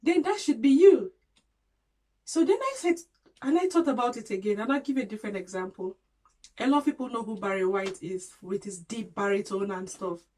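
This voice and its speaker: A woman's voice: medium pitch, animated, a little fast, poor audio. A woman vlogging to her channel, talking earnestly and encouragingly, with frequent ums and restarts. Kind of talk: casual talk to camera.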